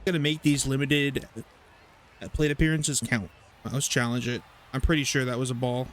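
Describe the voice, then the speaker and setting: A young man casually commentating his baseball video game, rambling, swearing and getting excited over plays. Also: mid-range voice, normal speed. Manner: chatty, rambling, profane, excitable. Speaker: gaming YouTuber. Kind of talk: casual let's-play commentary.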